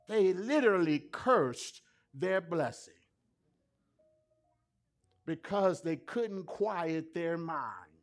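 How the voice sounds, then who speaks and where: A man, preaching a sermon that swings from quiet asides to loud, rising peaks. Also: fairly high pitch.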